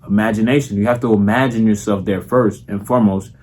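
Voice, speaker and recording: A man's voice: lowish voice, fairly even intonation, fast talker, darkish tone. A young man with a Florida accent, talking casually and profanely to camera as a content creator, full of slang and filler tags. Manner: slangy and profane, repeats "you feel me".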